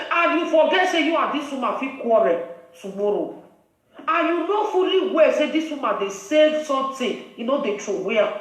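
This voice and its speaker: A Nigerian woman lecturing her viewers in a reproachful, preachy tone. Her voice sits at an ordinary pitch and comes from some distance off the mic, in a very echoey room. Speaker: live video host. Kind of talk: scolding live-video commentary.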